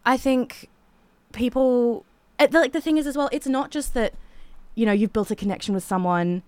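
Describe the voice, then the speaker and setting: A woman's voice: on the high side, normal speed, darkish tone, dry recording. A woman, a singer who is a podcast guest, chatting casually and rambling, with many filler "like"s. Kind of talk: casual chat.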